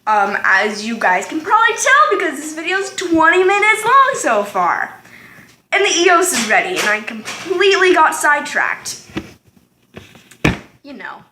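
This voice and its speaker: A woman's voice: high voice, sing-song, measured pace, sharp tone, a little hiss or hum. A teenage girl chatting casually to her camera in a home kitchen, rambling off on tangents with lots of ums and likes. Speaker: vlogger. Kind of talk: casual storytime chat. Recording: echoey room.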